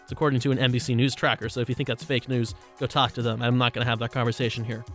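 Bright-voiced opinionated male talk show host. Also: medium pitch, little pitch movement, rapid-fire, soft background music. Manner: conversational and opinionated, with frequent asides and restarts. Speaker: radio-style show host.

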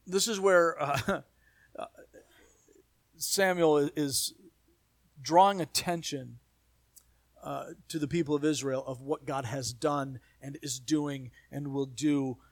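A man preaching a sermon as pastor, building emphasis through repeated phrases and dropping to quiet asides. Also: fairly high pitch, no room sound.

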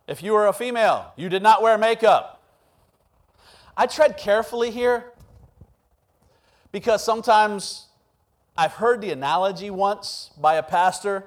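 A man preaching a sermon with humor, acting out quotes and stories in an animated way. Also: high-pitched, measured pace, pauses often. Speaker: pastor.

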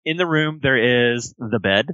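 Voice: medium pitch, animated, measured pace, bright, forceful tone, no echo, muffled recording. A game master narrating a tabletop role-play game, describing scenes and often breaking into laughter.

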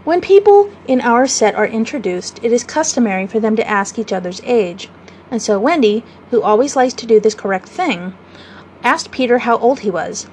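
A woman reading a classic children's story aloud as a radio storyteller, measured and expressive. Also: on the high side, a little hiss or hum, rough recording.

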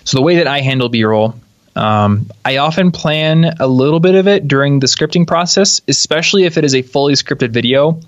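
A young man, a guest on a podcast, explaining his video workflow in a casual, animated way and laughing easily. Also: fairly high pitch, a little fast, no echo. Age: young adult. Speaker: guest, YouTube creator. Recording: slightly dull, dry sound.

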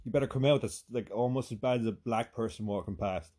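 A man's voice: medium pitch, fast, dark tone. A man with an Irish accent, hosting a podcast and telling a profane comic story in a chatty way, full of "right?" asides and sudden bursts of emphasis. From Ireland. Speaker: podcast host.

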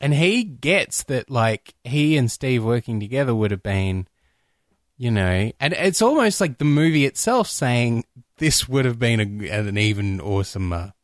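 An animated man talks through a film with a co-host, keen and quick to act out bits of dialogue in a deeper voice. He is miked close in a dry, deadened room, his pitch sitting at an everyday middle. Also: no echo. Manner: enthusiastic, acts out quoted lines in a lowered voice. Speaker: podcast co-host. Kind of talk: casual film discussion.

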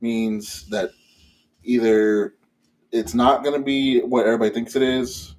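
A man's voice: medium pitch, a little slow. A man co-hosting a podcast who talks animatedly and swears in casual chat. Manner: animated, swears, mimics voices while telling stories. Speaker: podcast co-host.

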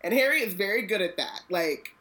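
A woman's voice: medium pitch, animated, a little fast, a bit bright, poor audio. A woman co-hosting a casual book podcast, talking expressively with slangy asides and frequent laughs. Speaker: podcast co-host.

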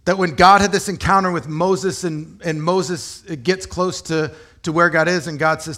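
A man gives a sermon in a relaxed, conversational way. He explains the scripture plainly and often turns to the listeners with rhetorical questions. His voice sits fairly high for a man. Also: moderate pace, hardly any pauses. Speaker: pastor.

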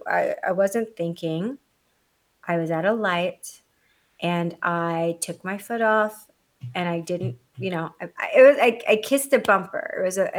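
An adult woman telling a story in casual chat, blunt and animated, swearing freely, with a condescending edge she admits to. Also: lowish voice. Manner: self-described condescending.

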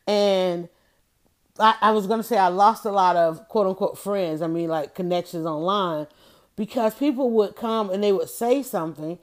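A woman's voice: medium pitch, a little mellow. A woman hosting a casual talk, rambling and conversational, with folksy emphasis and frequent asides to her listeners. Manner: folksy and emphatic, often asking "right?". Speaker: host speaking to an audience.

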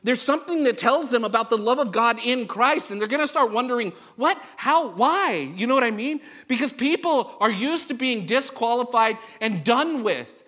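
Male pastor, casual sermon delivery, rhetorical questions to the room, bright tense tone. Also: extremely high pitch, expressive, normal speed, hardly any pauses. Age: adult parent of a young child. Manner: conversational and joking, asks the congregation rhetorical questions. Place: church.

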